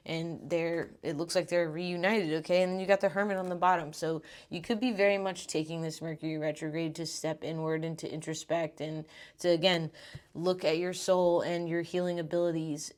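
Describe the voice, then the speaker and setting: Low-voiced woman chatting through a tarot reading. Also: slight background noise. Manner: chatty, informal, swears casually. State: out of breath. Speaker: tarot reader.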